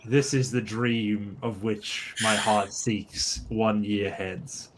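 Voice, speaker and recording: A man delivers earnest, measured in-character speeches at a very slow pace. His voice sits low. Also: steady tone, noisy background. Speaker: player.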